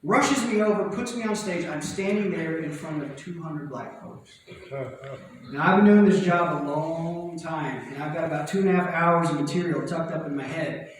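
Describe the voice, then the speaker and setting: A man from Indiana doing a stand-up set on a theater stage, telling stories in a quick, conversational way. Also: fairly high pitch. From Indiana, USA. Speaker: stand-up comedian. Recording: echoey theater, far from mic, noisy.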